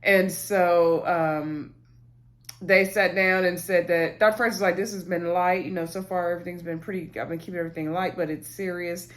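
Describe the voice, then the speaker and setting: A woman's voice: on the low side, steady tone, normal speed. A woman casually recapping a reality TV episode, chatting to viewers as "y'all" and retelling scenes through quoted lines. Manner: retells scenes by quoting cast members.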